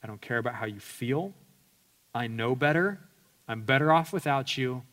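A man's voice: medium pitch, expressive, normal speed, a bit bright, natural voice. A man preaching, voicing a resentful grown son who complains that he has been wronged. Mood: cold. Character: resentful grown elder son, self-justifying.

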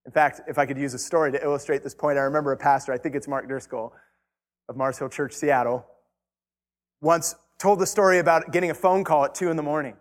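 A man with a high-pitched voice delivers an emphatic sermon to his congregation. He repeats phrases and climbs in intensity as he presses his point. His voice carries a long reverb from a large hall. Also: fast. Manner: emphatic preaching, rising intensity, repeated lines. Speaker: pastor.

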